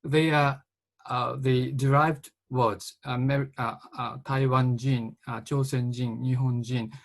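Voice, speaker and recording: Man, gravelly voice, halting, many fillers, academic question, video call. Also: mid-range voice, little pitch movement. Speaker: professor asking a question.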